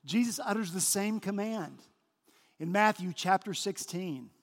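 Male senior pastor, high-pitched, emphatic sermon delivery, recorded in an echoing church hall. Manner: emphatic preaching, slow stressed phrases. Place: large church sanctuary. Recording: long church hall reverb.

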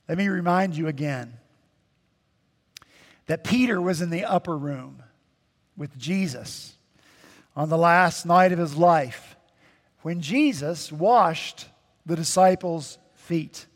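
A male pastor preaching a sermon, slow and emphatic, with dramatic pauses and repetition. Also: high-pitched. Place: church sanctuary. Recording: long church hall reverb.

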